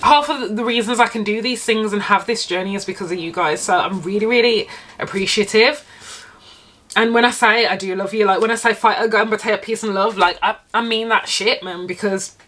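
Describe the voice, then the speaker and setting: A woman's voice: medium pitch, brisk, a bit bright. A young British woman living in Japan, chatting casually and emphatically to her viewers while eating, with frequent laughs and swearing. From Britain. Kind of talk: casual sit-down chat to camera while eating.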